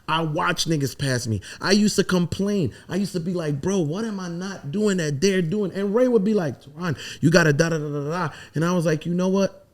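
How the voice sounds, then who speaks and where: A man from the Virgin Islands, a songwriter telling animated, emphatic stories and swearing freely in a casual podcast interview. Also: a little high, brisk, few pauses. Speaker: songwriter guest.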